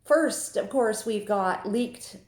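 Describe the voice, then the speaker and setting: Woman from Saskatchewan, chatty confiding monologue, mid pitch, echoey room. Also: slow, a little mellow. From Saskatchewan, Canada. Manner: chatty, confiding, with frequent laughs. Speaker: Facebook group admin. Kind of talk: casual monologue.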